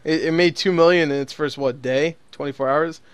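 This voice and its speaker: A man hosting a podcast talks in loose, rambling casual chat, laughing and swearing as he goes. His voice sits fairly high and sounds smooth and clear. The sound is dry and close. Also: fairly even intonation, fairly quick, no room sound. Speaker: podcast host.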